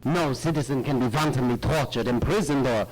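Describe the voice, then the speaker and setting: A man's voice: mid-range voice, a little fast, natural voice, low-quality recording. A man reciting an old monologue in a mock German accent, played back from a cassette tape. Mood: mock solemn.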